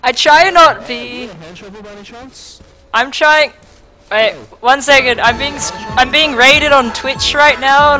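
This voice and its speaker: A woman's voice: high-pitched, slow, long pauses, bright, forceful tone, soft background music, rough recording. A young Australian woman live-streaming, laughing a lot, overwhelmed and swearing freely while she chats. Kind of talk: casual live-stream chat.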